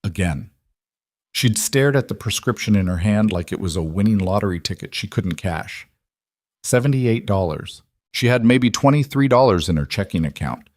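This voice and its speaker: A man narrating a scripted story in a steady, somber way, close to the mic. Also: on the low side, moderate pace, no room sound.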